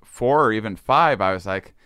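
A man's voice: on the low side, expressive, moderate pace, bright, forceful tone, smooth, no room sound, clean studio sound. A man with a Wisconsin accent, a podcast guest talking casually and self-deprecatingly about his childhood, rambling and laughing often. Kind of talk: casual conversation.

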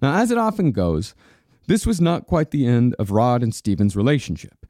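A man's voice: medium pitch, normal speed, no room sound, clean studio sound. A man co-hosting a podcast, telling a story in a casual, profane way and laughing often. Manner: animated, swears freely, laughs often. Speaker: podcast co-host narrating a story.

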